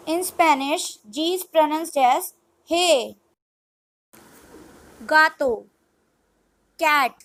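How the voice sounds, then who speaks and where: A woman reading a vocabulary lesson word by word in a measured, scripted way. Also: high voice, fairly bright tone, dry recording, rough recording. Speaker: language teacher.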